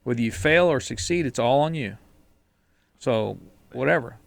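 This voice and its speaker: A man's voice: medium pitch, expressive, normal speed, gravelly, dry recording. A man co-hosting a podcast, talking bluntly and casually about discipline and sticking to a plan, sometimes restarting his words. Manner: blunt, mildly profane, repeats words when restarting. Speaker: podcast co-host. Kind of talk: casual motivational chat.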